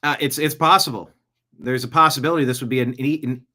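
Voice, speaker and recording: A man's voice: mid-range voice, steady tone, fast, bright, forceful tone. A man hosting his own podcast in a casual, rambling monologue full of jokey asides. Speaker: podcast host. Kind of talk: casual live-show monologue.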